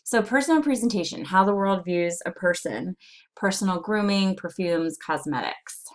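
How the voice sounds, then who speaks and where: Woman, low voice, nursing instructor, recorded lecture, reads off slides, lots of ums. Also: fairly bright tone. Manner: reads slide points aloud with many fillers.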